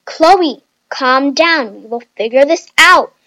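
A woman voicing a bossy young woman who calmly takes charge and grows impatient. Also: high voice, normal speed, dry recording.

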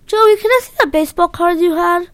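A woman's voice: extremely high pitch, a little fast, fairly bright tone, dry recording, pitched above the performer's own voice. A woman voicing a curious, helpful young boy who talks in an eager, exclaiming way.

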